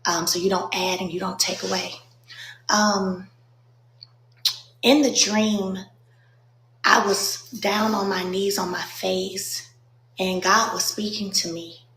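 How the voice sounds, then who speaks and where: A woman tells her followers a personal testimony in a slow, halting way, pausing often and filling gaps with soft ums. She sounds earnest and moved, fighting back tears. Her voice rings in a roomy space over a faint ambient hum. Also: mid-range voice, level tone. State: emotional, holding back tears. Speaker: faith vlogger.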